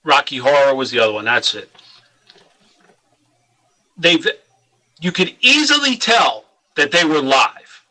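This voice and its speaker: Podcast guy, kinda hesitant, bright voice, pitch moves around a lot. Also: very animated, unhurried, pauses often, rough recording. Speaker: podcast co-host. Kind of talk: casual podcast chat.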